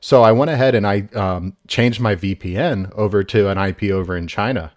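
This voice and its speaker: A tipsy man with a fairly low voice co-hosts a drinking podcast. He rambles through his stories with lots of "um"s and loose asides. The recording is dry. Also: a little fast, darkish tone, dry recording. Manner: rambling storyteller, full of fillers. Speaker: podcast co-host. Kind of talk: casual drinking-podcast chat.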